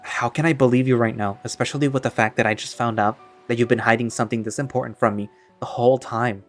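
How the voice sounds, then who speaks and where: A man's voice: medium pitch, steady tone, fast talker, faint music behind, natural voice. A man playing a young man who presses a friend with earnest, hurt questions. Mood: frustrated.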